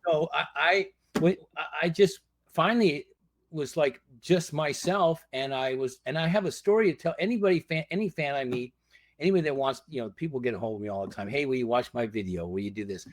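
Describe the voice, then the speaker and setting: A man's voice: on the high side, a little fast, dry recording, studio quality. A man, a guest and former reality show contestant, tells stories in casual chat, acting out other people's lines with laughter.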